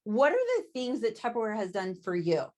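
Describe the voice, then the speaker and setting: A woman's voice: fairly high pitch, expressive, a little fast, darkish tone. A woman giving a chatty sales training talk over a video call, often laughing and asking "right?".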